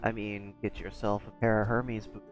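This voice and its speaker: Laid-back low-voiced male game master. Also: little pitch movement, moderate pace, faint music behind. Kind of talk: narrating a tabletop game.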